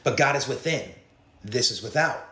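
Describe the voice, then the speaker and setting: A man lectures earnestly, jumping from pun to pun in a rambling monologue. His voice sits at an ordinary pitch. The clip sounds roomy and echoey. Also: lively intonation, normal speed, pushed and bright, slight background noise. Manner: stream of puns, earnest lecturing. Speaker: conspiracy video speaker. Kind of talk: rambling word-association monologue. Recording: roomy clip played on stream.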